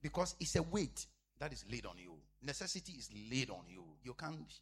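A man preaching a sermon as a pastor, repeating phrases emphatically and swinging between loud declarations and hushed asides. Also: mid-range voice, very animated, a little fast.

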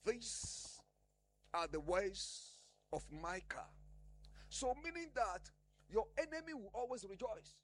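A man's voice: high voice, very animated, takes it slowly. A man preaching a sermon, emphatic, often asking the congregation a question and answering it himself.

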